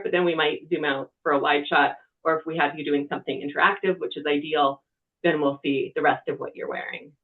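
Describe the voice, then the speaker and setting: Conversational TV reporter, mid-pitch, tinny webinar audio, quiet room. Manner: conversational, talks with hands. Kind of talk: practical media-training talk.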